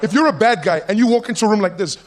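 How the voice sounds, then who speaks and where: A man performing a stand-up comedy routine, talking in an animated way and switching in and out of character voices. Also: sits high, racing, background noise.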